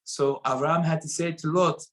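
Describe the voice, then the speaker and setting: A man giving a spoken Torah lesson, telling stories and acting out the quoted voices with sudden swings between loud and soft. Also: on the high side, normal speed, poor audio. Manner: animated, acts out quoted voices with sharp rises and drops in loudness. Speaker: rabbi teaching a Torah lesson.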